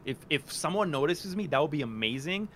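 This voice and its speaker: A man's voice: a little high, lively intonation, brisk, a bit bright, a little hiss or hum. A man talking casually as an interview guest about voice acting, rambling and self-deprecating, with many restarts and fillers. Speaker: podcast guest, aspiring voice actor.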